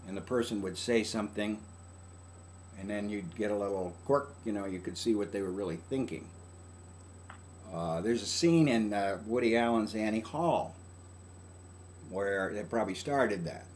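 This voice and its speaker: A man's voice: lowish voice, darkish tone, slight background noise. An older man, a family counselor, talking through parenting advice in a folksy, conversational way. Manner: folksy, conversational, acts out quoted lines. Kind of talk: casual advice talk.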